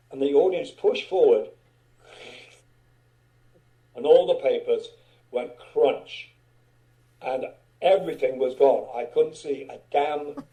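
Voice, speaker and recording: A man's voice: a little high, mellow, low-quality recording. An older man, a guest musician, telling loose anecdotes in a casual interview, swearing and chuckling as he goes.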